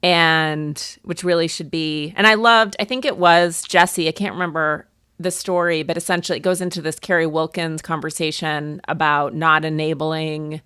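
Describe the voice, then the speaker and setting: A woman hosting a podcast, talking casually and thoughtfully, pausing to search for words mid-sentence. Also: deep voice, steady tone, bright, forceful tone, clean tone, no room sound, clean studio sound. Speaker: podcast host. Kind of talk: casual conversation.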